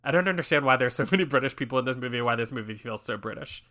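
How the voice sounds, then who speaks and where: A man's voice: medium pitch, expressive, rapid-fire, pushed and bright. A man hosting a podcast, chatting casually about an old film with lots of fillers and frequent laughs. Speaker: podcast host. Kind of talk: casual film-discussion chat.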